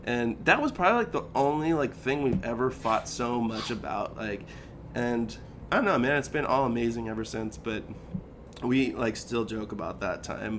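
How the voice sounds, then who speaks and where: This thirties-aged podcast co-host has a voice on the low side, with slight noise in the background. He shares a personal anecdote in relaxed chat, performing the quoted lines with energy and peppering his speech with plenty of "like" and "dude."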